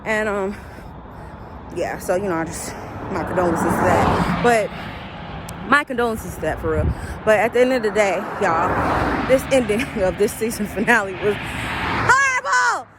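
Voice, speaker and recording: A woman talking through a casual, emotional TV episode recap, shrieking at big moments and dropping to quiet murmurs at sad ones. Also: medium pitch, normal speed, pauses often. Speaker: TV recap vlogger. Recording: steady background traffic noise.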